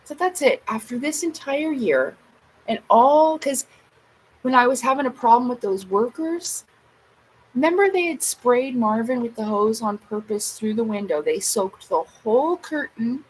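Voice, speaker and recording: A woman's voice: on the high side, lively intonation, measured pace, low-quality recording. A woman venting to her viewers in a casual vlog, agitated and swearing as she acts out her own side of arguments. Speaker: vlogger. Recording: faint background noise.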